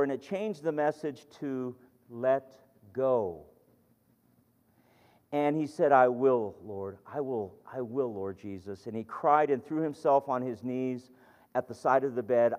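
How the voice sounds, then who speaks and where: A man preaching a sermon, reading scripture aloud and telling stories with earnest, rising emphasis. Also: fairly high pitch. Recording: dull lo-fi sound with long hall reverb.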